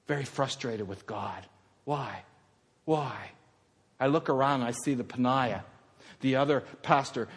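A male pastor preaching a sermon, swinging from loud fervent passages to hushed, intimate ones. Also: fairly high pitch, in a large hall.

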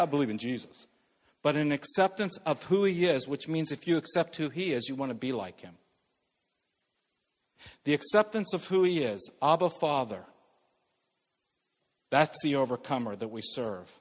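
A middle-aged male pastor preaching a sermon earnestly, moving between loud emphasis and soft, hushed passages. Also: a little high, in a large hall.

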